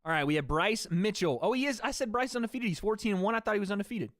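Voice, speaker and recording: A man calling fights on a livestream for his chat, casual and profane, jumping between play-by-play and chatter. His voice sits a bit high for a man. The sound is dry and close. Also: very fast, fairly bright tone, no echo. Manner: chatty, swears freely, talks to chat between calls. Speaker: livestream host. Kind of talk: fight watch-party commentary.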